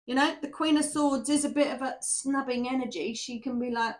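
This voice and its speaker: A woman talks her viewers through a tarot spread in a loose, rambling way, her voice sitting a little high. She keeps checking in with "yeah?" and "okay?" as she goes. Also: fairly even intonation, fairly quick. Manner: chatty and rambling, often asking "yeah?". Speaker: tarot reader. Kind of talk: casual spoken tarot reading to camera.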